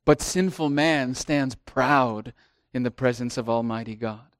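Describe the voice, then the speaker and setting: A middle-aged man preaching a sermon as pastor, swelling into emphatic lines and then dropping to hushed asides. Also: medium pitch, a little slow, dry recording, clean studio sound.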